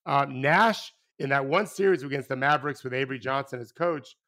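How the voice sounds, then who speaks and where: A former basketball coach in casual podcast conversation, animated and rambling, restarting sentences and swearing casually. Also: male voice, medium pitch, fairly quick.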